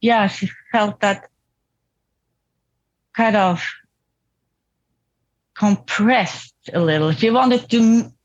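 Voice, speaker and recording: A woman as a therapy client, talking reflectively and hesitantly with restarts and soft laughs, over a video call. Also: mid-range voice, extremely slow, long pauses, highs cut off. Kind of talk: therapy session talk.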